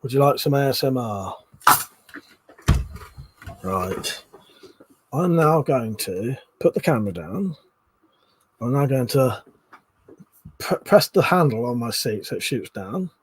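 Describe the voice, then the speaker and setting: A man's voice: mid-range voice, big pitch swings, slow, long pauses, a little hiss or hum. A man hosting a casual live stream, joking and swearing freely as he chats to viewers. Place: indoors at home, seated low in a chair.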